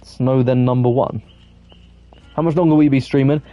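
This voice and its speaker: A young man streaming a game, chatting loosely with his viewers and getting quickly exasperated at teammates, with many restarts. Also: mid-range voice, fairly even intonation, dry recording, muffled recording. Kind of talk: casual live-stream chat while gaming.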